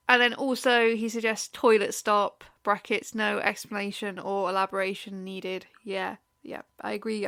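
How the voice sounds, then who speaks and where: A woman's voice: medium pitch, a bit bright, no room sound, studio quality. A woman co-hosting a podcast, chatting casually and bluntly, swearing and laughing as she goes. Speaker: podcast co-host. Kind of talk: casual chat.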